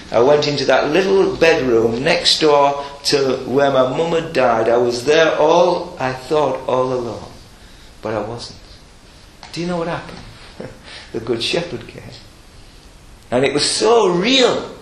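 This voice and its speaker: A man's voice: mid-range voice, fairly bright tone, reverberant. An older man preaching a sermon, earnest and emphatic, mixing scripture with personal stories.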